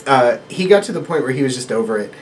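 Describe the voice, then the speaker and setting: A man telling stories in casual chat, animated and laughing into his lines. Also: mid-range voice, fast. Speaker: storytelling guest. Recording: distant mic, faint background noise.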